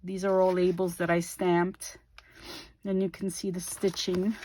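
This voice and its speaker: A middle-aged woman talks through a crafting project in a slow, unhurried way. She fills pauses with ums and corrects herself as she goes, in a casual, homey narration. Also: lowish voice. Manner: relaxed and unhurried, with frequent ums and small self-corrections. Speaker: craft video host.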